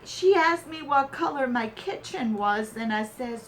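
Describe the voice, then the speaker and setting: A woman unboxing a craft swap package on her vlog, gushing and sentimental, with halting pauses and fillers. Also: high voice, expressive, slight background noise, low-quality recording. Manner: gushing and sentimental, exclaims often. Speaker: crafting vlogger.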